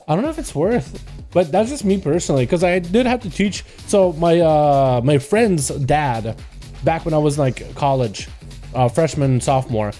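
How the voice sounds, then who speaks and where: A young gaming livestreamer with a mellow, higher-leaning voice chats casually, a slight Russian accent showing from his native tongue. His laid-back patter is filled with "yo," "dude," and "boys."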